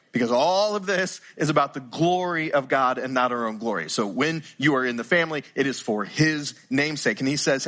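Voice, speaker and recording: A man's voice: on the high side, bright, forceful tone. An older male pastor, preaching a sermon earnestly and often repeating words as he starts sentences.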